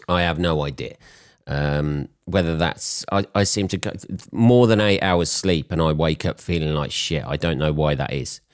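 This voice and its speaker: A man in his forties, hoarse from a cold, hosting a podcast in a blunt, swearing, rambling monologue. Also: very deep voice, normal speed, no echo, clean studio sound. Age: 40s. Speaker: podcast host. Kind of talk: casual solo podcast monologue.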